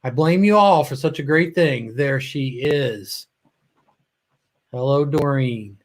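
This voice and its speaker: A man's voice: mid-range voice, slow. A man hosting a casual live stream, greeting viewers by name, a little choked up and often trailing off mid-sentence. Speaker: livestream host.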